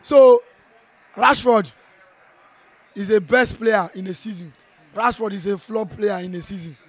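A Nigerian man with a strained voice from shouting, reacting to a football match in an animated, playful way, slipping into Pidgin. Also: sits high, a little slow, no room sound. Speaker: football fan. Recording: outdoor viewing center.

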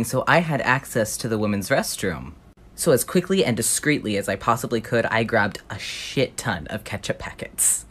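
Young person telling a funny story, lots of swearing, sarcastic and lively. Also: medium pitch. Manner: animated, profane, sarcastic. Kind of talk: comedic personal anecdote.

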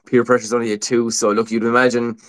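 Co-hosting a laid-back horse racing preview, this racing tipster chats through his tips, peppering them with "look" and "um." His medium-pitched voice is level and a bit bright, and he talks quickly.

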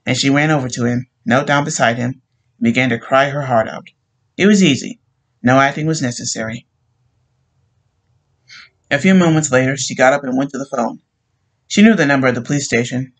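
A man reading a short story aloud, with a steady, plain storytelling delivery. His voice sits in a middle pitch, neither deep nor high. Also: rough recording. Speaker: narrator.

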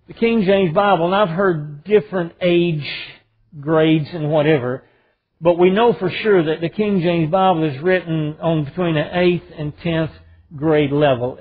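A man with a Southern US accent, a pastor preaching a sermon with emphatic stresses on key words. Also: fairly high pitch. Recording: phone-like narrow band.

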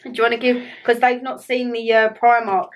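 Young Northern English woman vlogging at home, high-ish voice, chatty and self-mocking, soft music underneath. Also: little pitch movement, a little fast. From Northern England. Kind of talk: casual vlog chat.

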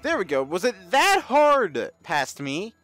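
Young male let's-play host, excitable, jokey, animated pitch, light music bed. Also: a little slow. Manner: excitable, jokey, talks over the game. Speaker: gameplay commentator.

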